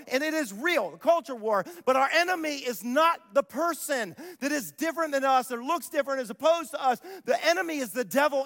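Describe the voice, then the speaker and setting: A man preaching a sermon as a pastor, passionate, swinging between loud declarations and hushed asides. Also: very high-pitched. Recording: long hall reverb.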